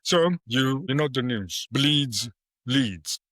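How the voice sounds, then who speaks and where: A middle-aged man speaking as an interview guest, lively and story-driven, slipping in little acted exchanges as he explains. His tone is bright and forward, and the sound is dry and close to the mic. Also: medium pitch, slow, no room sound. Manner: animated storyteller, acts out quoted dialogue. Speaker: guest AI professor. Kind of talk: casual interview talk.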